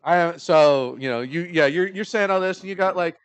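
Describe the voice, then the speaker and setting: A young man narrating as game master of a tabletop game, animated and laughing often. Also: on the high side, fairly quick, smooth.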